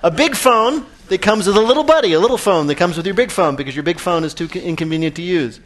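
A man hosting a radio quiz show in an upbeat, brisk, emphatic way. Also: high voice, lively intonation.

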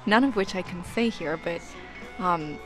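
A woman's voice: on the low side, unhurried. A woman co-hosting a music radio show, chatting casually and enthusiastically as she explains songs and slang.

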